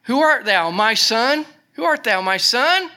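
Old blind father, suspicious, quavery and high, put on by a man. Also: expressive, unhurried, bright, forceful tone, full character voice.

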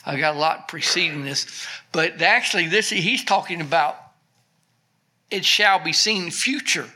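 A man delivering a sermon, reading old scripture slowly and emphatically before breaking into relaxed commentary. His voice is bright and forward, pitched slightly above the usual for a man. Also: husky. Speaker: preacher.

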